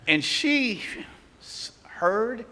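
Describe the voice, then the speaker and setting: A man preaching a sermon, telling a personal story with animated delivery and acting out the voices of the people in it. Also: extremely high pitch, extremely slow. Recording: long hall reverb.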